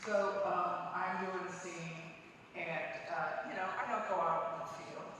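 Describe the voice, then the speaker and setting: A woman on a convention panel telling a story with dry, deadpan humor. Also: on the low side, a little slow, some chatter behind. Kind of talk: dry anecdote for a live audience. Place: large convention hall. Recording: echoey hall from far off, loud noise.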